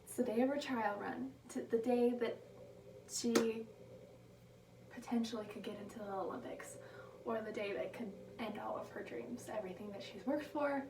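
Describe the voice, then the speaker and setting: A woman delivering a prepared motivational speech, slowing down to stress her key phrases. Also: fairly high pitch, distant mic. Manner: emphatic, slows down on key phrases. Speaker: speaker giving a motivational speech. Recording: echoey room taken from afar, background noise.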